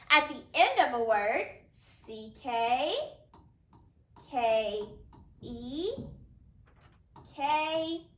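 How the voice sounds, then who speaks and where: A woman teaching a phonics lesson, slowly sounding out letters and praising her students. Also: a little high, a bit bright. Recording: echoey room, mic at a distance.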